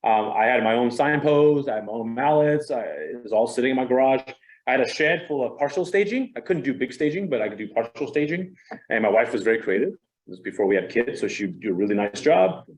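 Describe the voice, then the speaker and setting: Man, middle-aged, real estate trainer, casual training talk, conversational, animated, self-deprecating, mid pitch. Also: quick pace, rough recording.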